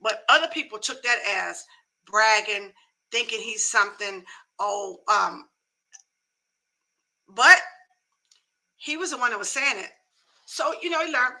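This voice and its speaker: A woman's voice: a little high, unhurried, gravelly, long pauses, pushed and bright, low-quality recording. A middle-aged woman hosting a live talk show, giving emphatic, folksy advice in a casual, preachy way.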